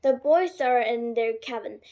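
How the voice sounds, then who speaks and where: Woman reader, high voice, slow, careful storybook reading with frequent self-corrections. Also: dark tone. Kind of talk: reading a graded storybook aloud.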